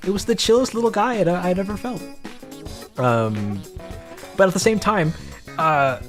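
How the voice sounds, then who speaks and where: Man, casual dev vlog, rambling storyteller, many restarts, middle pitch, faint music behind. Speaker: game developer showing his work.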